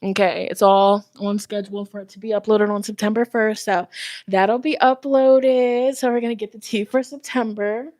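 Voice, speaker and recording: A woman's voice: medium pitch, little pitch movement, normal speed, darkish tone, no echo. A woman tarot reader chatting casually with her livestream viewers, out of breath, giggly and talkative, speaking close to her phone microphone at home. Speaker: tarot reader and spiritual host. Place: at home, walking around. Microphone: phone microphone held close.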